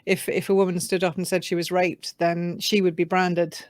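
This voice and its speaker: A woman's voice: on the low side, little pitch movement, normal speed, no echo, studio quality. A woman guest author talking in a casual interview over a video call, hesitant, restarting words, and leaning on "you know". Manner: hesitant, repeats words, many fillers.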